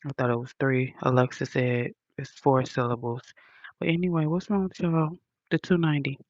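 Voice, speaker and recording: A woman's voice: rumbling low, steady tone, normal speed, a little mellow, dry recording, dull audio. A woman vlogger talking casually to her viewers, blunt and playful, swearing freely. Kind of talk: casual vlog chat.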